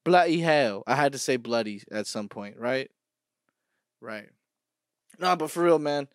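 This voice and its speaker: A man's voice: mid-range voice, animated, unhurried, no room sound, clean studio sound. Brash, swearing young man riffing. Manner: brash, swearing, mock-aggressive rants. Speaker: comedy vlogger. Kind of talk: profane comedic riffing.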